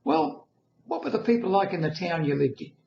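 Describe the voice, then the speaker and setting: A man voicing a calm old man who answers in an unhurried, dry way. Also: high voice, gravelly, roomy sound, dull audio, a little hiss or hum, voice pushed up, heavily acted.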